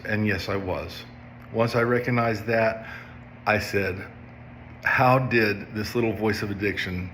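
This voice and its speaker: A man in his fifties with a fairly low voice talks through a personal story as a substance abuse counselor. His delivery is casual and halting, with frequent "okay?" check-ins aimed at his viewers. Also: a bit bright, a little hiss or hum. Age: 50s.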